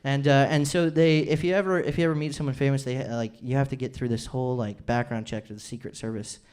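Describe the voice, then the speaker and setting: A man's voice: medium pitch, steady tone, quick pace, a little mellow, clean tone. A man in his twenties doing a rambling, self-deprecating stand-up routine on a comedy club stage. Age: 20s.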